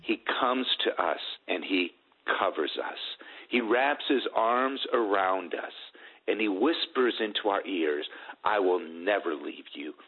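A middle-aged man telling a personal family testimony in an earnest, halting way, with many restarts. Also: lowish voice, lively intonation, narrow, tinny audio. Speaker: guest telling his family story.

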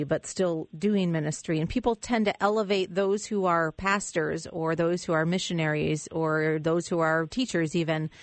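A woman's voice: on the low side, dry recording. A woman hosting a radio interview, asking the guest questions in an encouraging way. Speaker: radio show host.

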